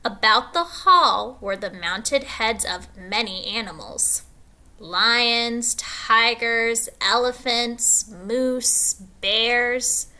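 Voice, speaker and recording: Woman teacher reading a story aloud slowly. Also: a little high. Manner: slow, expressive classroom reading.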